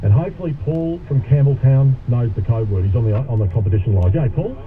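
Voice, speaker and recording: A man's voice: medium pitch, lively intonation, fast. A man hosting talk radio, casual and matey, chatting with callers. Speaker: radio host. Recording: tinny radio broadcast with faint noise.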